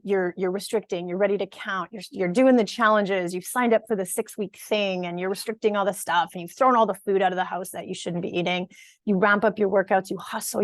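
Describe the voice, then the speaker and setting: In a mid-range voice with no room sound, a female fitness and nutrition coach addresses an online workshop audience. She keeps it conversational and supportive, laughing at times and regularly asking "okay?" or "right?".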